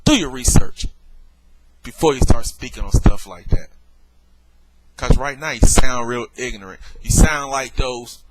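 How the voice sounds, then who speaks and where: Worked up guy ranting at the camera, lecturing, normal-pitched voice, lots of hiss on the webcam mic. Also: unhurried, long pauses, poor audio. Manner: lecturing, exasperated, addresses viewer directly. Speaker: vlogger. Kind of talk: heated video rebuttal.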